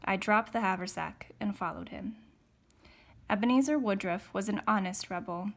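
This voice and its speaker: Role: teacher. Style: reading a novel aloud. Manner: steady, occasional self-corrections. Pitch: medium. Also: female voice, normal speed.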